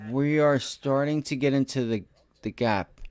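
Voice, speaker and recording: A man's voice: measured pace, clean tone. Slangy, boastful male trading streamer. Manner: boastful, slangy, talks straight to viewers; swings between loud bursts and low mutters. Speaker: day-trading livestream host. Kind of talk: live stock market commentary.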